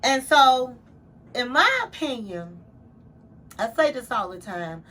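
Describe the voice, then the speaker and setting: A woman's voice: fairly high pitch, animated, slow pace, fairly bright tone. A woman casually recapping a reality show episode, retelling scenes and quoting what people said.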